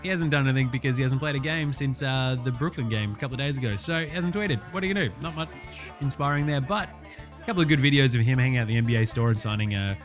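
A man's voice: medium pitch, rapid-fire, soft background music. A young Australian man hosting a casual basketball chat show, swearing a lot and joking around. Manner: profane, jokey, animated. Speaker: podcast host.

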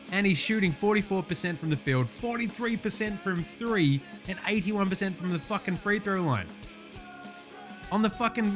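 An Australian man in his young adult years hosts a sports podcast, swearing freely and getting worked up. His voice sits slightly higher than most men's, and faint music plays behind him. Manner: sweary, heated, animated. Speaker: podcast host. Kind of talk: casual sports rant.

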